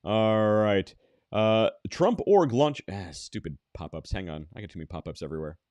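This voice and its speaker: A man's voice: on the low side, expressive, moderate pace, a little mellow, no echo. A man hosting a podcast in casual chat, making dry jokes and reading headlines aloud. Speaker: podcast host.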